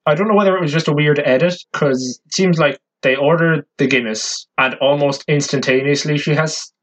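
A man's voice: on the high side, brisk, fairly bright tone, poor audio. A young Irish man co-hosting a podcast, talking bluntly and jokingly and swearing casually. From Ireland. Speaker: podcast co-host.

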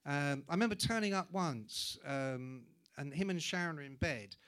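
Speaking at normal speed in a voice on the high side, a man hosts a live podcast and tells an anecdote. He's animated, swears a lot, and acts out different voices as he goes.

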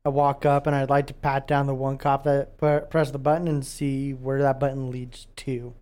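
A man's voice: medium pitch, little pitch movement, normal speed, darkish tone. A man playing a tabletop game, brash and casual, swearing often. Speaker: player.

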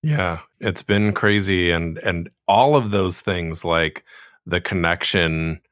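Low slow guy co-hosting a podcast, drawn out and agreeable, dry close sound. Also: fairly bright tone, no room sound. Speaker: podcast co-host. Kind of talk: casual chat.

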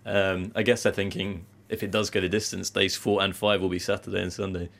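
A man co-hosting a podcast in casual chat, chatty and quick to laugh, often slipping into silly put-on accents. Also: low-pitched, flat delivery, creaky, a bit bright. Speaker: podcast co-host.

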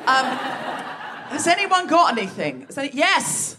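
A woman's voice: sits high, very animated, measured pace, background noise. A woman hosting a live comedy podcast on a theatre stage, bantering with the audience in a chatty, self-mocking way. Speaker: podcast host.

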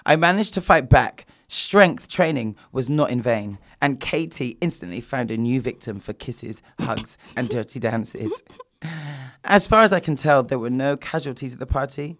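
A man co-hosts a loose celebrity gossip chat. His voice sits at an ordinary middle pitch. He throws in sassy, teasing jabs as he goes. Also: animated, normal speed, fairly bright tone. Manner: sassy, teasing, playful asides. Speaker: podcast co-host.

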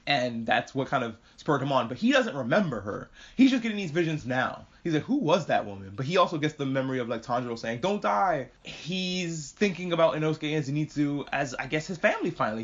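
Excitable guy rattling off an anime review, cussing, slightly high voice, muffled lo-fi audio. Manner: excitable, swears often, acts out characters. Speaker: podcast host reviewing anime. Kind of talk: casual solo review. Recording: dull lo-fi audio.

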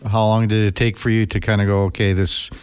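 A man's voice: fairly low pitch, level tone, brisk, smooth. A man hosting a radio talk show, asking his co-host easygoing questions and laughing along. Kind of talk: casual radio interview.

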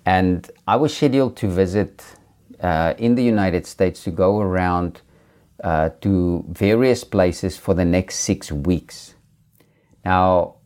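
Earnest, low-voiced African preacher. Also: male voice, darkish tone. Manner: earnest, unhurried, repeats words as he goes. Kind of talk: sermon with personal testimony.

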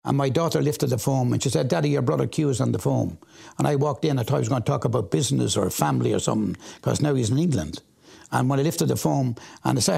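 An Irish man telling his life story in an interview, animated when he acts out what he said back then. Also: medium pitch, fast talker. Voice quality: gravelly and husky. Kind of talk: personal testimony.

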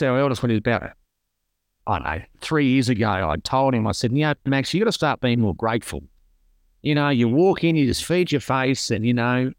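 A middle-aged Australian man appears as a podcast guest in casual conversation, telling stories earnestly and rambling, often repeating himself. His voice is medium-pitched, captured in a dry, clean studio recording.

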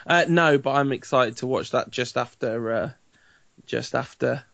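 A man's voice: medium pitch, a little slow, gravelly, fairly bright tone, dull audio. A man co-hosting a podcast, telling football stories with wry enthusiasm and frequent laughter. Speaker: podcast co-host. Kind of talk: casual chat.

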